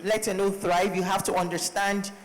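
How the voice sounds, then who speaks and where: High-voiced male panel moderator. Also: level tone, normal speed. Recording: long hall reverb.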